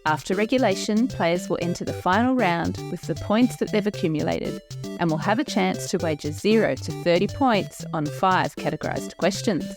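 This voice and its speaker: A woman voicing a game-show announcer in a put-on American accent, reading the rules in a crisp scripted way. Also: fairly low pitch, normal speed, close to an everyday voice. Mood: announcing. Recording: music bed behind voice. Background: music.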